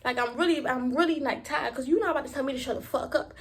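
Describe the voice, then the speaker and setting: High-voiced young woman telling a wild story. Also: fast talker. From Miami, Florida. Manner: animated, profane, emphatic storytelling. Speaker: vlogger. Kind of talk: storytime vlog.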